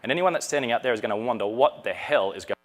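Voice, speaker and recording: A man's voice: medium pitch, animated, rapid-fire. A man from Australia with an Australian accent, giving a chatty, joking, self-deprecating live conference talk on stage. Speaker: conference presenter. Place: conference session room.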